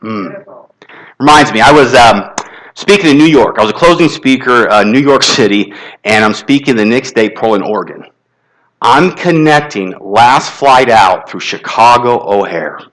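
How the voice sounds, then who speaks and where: A man giving an inspirational talk to a congregation at a spiritual center, telling animated stories and leading call-and-response. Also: medium pitch, moderate pace, rough recording. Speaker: guest motivational speaker.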